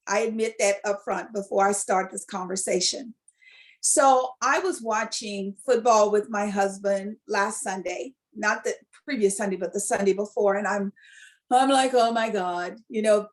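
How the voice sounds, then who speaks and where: A woman co-hosts a casual talk show and tells a story with a lot of feeling. Her voice sits a little high, and she jumps into the quotes she acts out. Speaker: co-host. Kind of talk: casual chat.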